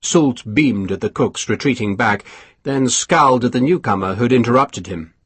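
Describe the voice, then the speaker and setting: A man narrating an audiobook in an expressive storytelling manner. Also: mid-range voice, normal speed, husky, no echo. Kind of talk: scripted narration.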